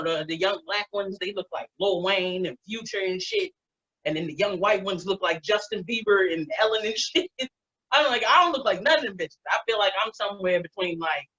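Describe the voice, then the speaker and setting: A woman's voice: medium pitch, a bit bright. Forties woman, stand-up comic; brash, profane storytelling, muffled online stream audio. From Baltimore, USA. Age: 40s. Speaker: stand-up comedian. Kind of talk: stand-up comedy set.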